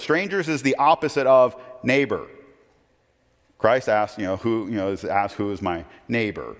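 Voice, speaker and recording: Middle-aged man, pastor, conversational sermon full of rhetorical questions, reverberant church hall sound. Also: medium pitch. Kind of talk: expository sermon.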